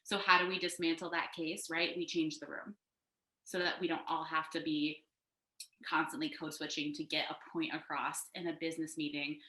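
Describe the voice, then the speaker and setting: A woman co-hosting a casual panel chat from her couch over a video call, animated and talkative, with lots of "like" fillers. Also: deep voice, moderate pace, echoey room. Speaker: co-founder and co-host of a design panel. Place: home, sitting on a couch.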